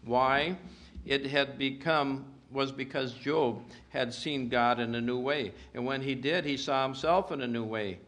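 A man preaching a sermon in an earnest manner, reading scripture aloud with emphatic rises and hushed drops. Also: mid-range voice, unhurried.

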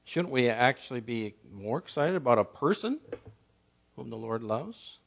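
Male pastor, sermon delivery, emphatic with rhetorical questions and shifts from loud to soft. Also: mid-range voice, lively intonation, measured pace, vocal fry.

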